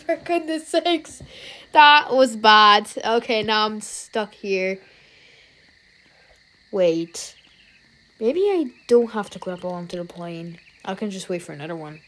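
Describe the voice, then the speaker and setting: A woman with an Irish accent giving let's-play commentary as a YouTuber, talking to herself and reacting with jumpy, excited outbursts. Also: medium pitch, takes it slowly, pauses often, rough recording. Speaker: YouTuber playing a game.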